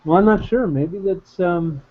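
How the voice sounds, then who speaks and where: Brief: chatty, hesitant man in a study group, slightly high voice, lo-fi video call audio. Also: measured pace. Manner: rambling, hesitant, good-humored. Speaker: Bible study participant. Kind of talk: casual group discussion.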